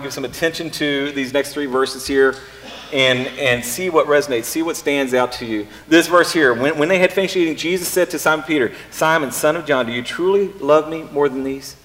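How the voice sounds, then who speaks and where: A pastor preaching a casual sermon, often pausing and repeating words as he thinks aloud. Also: a little high, fairly bright tone. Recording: long reverb in a hall.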